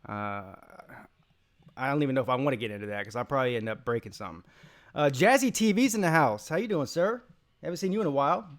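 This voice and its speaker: A man's voice: mid-range voice, lively intonation, fast. Male stream host, tired, casual and rambling, mid-range voice. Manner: rambling, loose, reads chat names aloud. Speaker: call-in show host. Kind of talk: casual live-stream talk.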